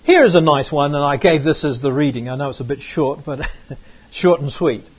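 A man's voice: a little high, expressive, moderate pace, slightly rough. A man giving a Bible lesson, stressing words and checking in with "right?" and "okay?" as he goes. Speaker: Bible teacher. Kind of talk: classroom-style lecture with slides. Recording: muffled lo-fi recording.

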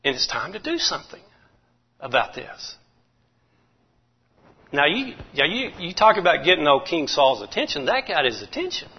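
A man's voice: on the high side, moderate pace, pauses often, breathy edge. Folksy preacher man, muffled recording. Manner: folksy, animated preaching with chuckles. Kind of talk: sermon.

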